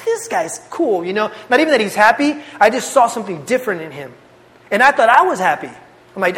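A young man giving a casual, animated testimony to a youth group, telling his story with slang. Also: high-pitched. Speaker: youth speaker. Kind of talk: testimony sermon. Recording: long hall reverb.

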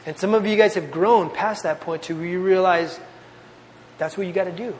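A man's voice: high voice, steady tone, moderate pace, slight background noise. A man preaching a youth sermon in an earnest, conversational way, often repeating phrases for emphasis. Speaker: youth pastor. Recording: long reverb of a hall.

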